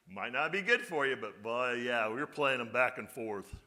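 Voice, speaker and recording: A man's voice: medium pitch, lively intonation, brisk, hardly any pauses, sharp tone. A male pastor giving a conversational sermon, often putting rhetorical questions to his congregation.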